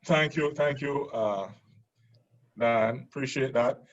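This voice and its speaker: Halting man hosting a webinar segment. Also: mid-range voice. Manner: hesitant, many fillers and restarts. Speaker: segment host. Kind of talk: webinar moderation. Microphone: video call. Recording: muffled video call audio.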